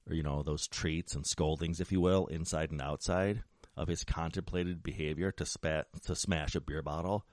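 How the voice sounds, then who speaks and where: Deep-voiced man lecturing in a dry room. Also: darkish tone, no echo. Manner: measured, lecturing, many ums and restarts. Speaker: podcast host, criminologist. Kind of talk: explanatory talk.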